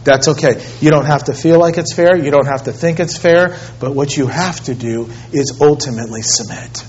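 A man's voice: moderate pace, slight background noise. Dynamic preaching man, lo-fi. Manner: dynamic preaching, swinging from loud pleading to low hushed tones. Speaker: pastor. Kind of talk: sermon. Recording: muffled lo-fi sermon recording.

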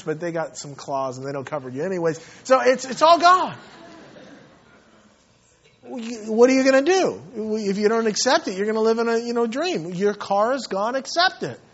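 Pastor, male, high voice, earnest sermon delivery with repeated words, dull lo-fi church recording. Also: fairly bright tone. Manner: earnest, repeats words, rising to emphatic questions.

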